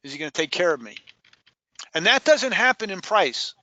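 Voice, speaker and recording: A man leading a sales training session in a lively, emphatic way, repeating key points and questioning his trainees. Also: sits high, moderate pace, lo-fi sound.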